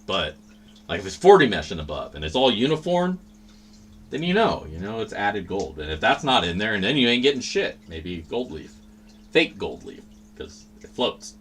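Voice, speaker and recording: A man's voice: lowish voice, a bit bright, husky. A man hosting a livestream, chatting casually in a rambling, profane, laid-back way. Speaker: livestream host.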